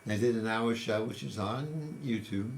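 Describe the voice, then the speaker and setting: A man's voice: on the low side, moderate pace, vocal fry, a little hiss or hum. A man in his eighties, interviewed, telling personal stories in a reflective, conversational way. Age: 80s. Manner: conversational, reflective, with frequent restarts. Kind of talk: casual storytelling.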